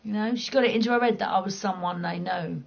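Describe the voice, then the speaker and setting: A woman's voice: medium pitch, fast talker, gravelly, highs cut off. A middle-aged woman with a London accent, chatting casually and bluntly with viewers during a game stream, cheeky and swearing freely. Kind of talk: casual chat.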